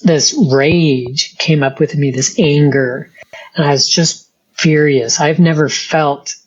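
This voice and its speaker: Middle-aged woman, interview guest, earnest halting testimony, husky voice, muffled lo-fi sound. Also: sits low, fairly even intonation. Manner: earnest, halting storytelling with many restarts.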